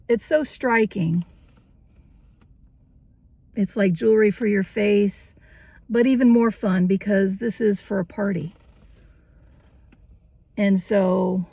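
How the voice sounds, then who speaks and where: A woman's voice: mid-range voice, vocal fry, dark tone, no echo. A woman hosting a casual vintage-shopping vlog, chatty and cheerful, often laughing as she talks. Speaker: vintage vlogger.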